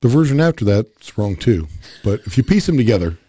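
A man's voice: mid-range voice, very animated, brisk, mellow, breathy edge. A man co-hosting a podcast in casual chat, blunt and profane, rambling as he makes his point. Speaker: podcast co-host.

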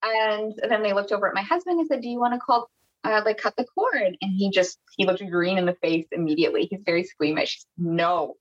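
A woman's voice: medium pitch, lively intonation, brisk, highs cut off. A woman from Canada, a podcast guest telling a personal story in a casual, chatty way, with many restarts and quoted dialogue.

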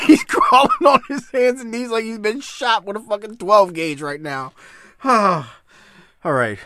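A man hosts a loose chat over wrestling footage, his bright voice swinging wildly in pitch. He keeps breaking into laughter, swearing, then apologizing. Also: wildly swooping pitch, takes it slowly, slight background noise. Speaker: podcast host.

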